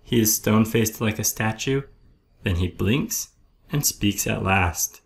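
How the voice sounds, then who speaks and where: Dad reader for a kids' rhyming book: gravelly, unhurried, rhythmic. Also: male voice, lowish voice. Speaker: storybook reader. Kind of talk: children's read-aloud.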